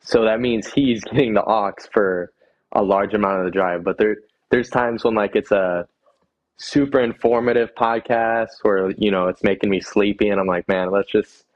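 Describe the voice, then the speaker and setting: Casting note: young man, guest athlete, low voice, halting and easygoing, lo-fi remote audio. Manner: hesitant, repeats words, laid-back. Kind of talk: casual interview answers.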